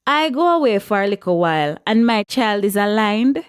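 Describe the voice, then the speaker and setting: A woman's voice: expressive, normal speed, smooth, close to an everyday voice. A woman reading aloud voices a brash, indignant woman who puts on fake American airs slipping through. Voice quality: shrill, sassy.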